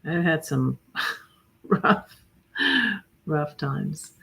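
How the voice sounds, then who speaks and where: A woman hosting a livestream, reading her own poems in a hesitant way with many pauses and fillers. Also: low-pitched, fairly even intonation, creaky. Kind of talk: casual poetry reading on a livestream.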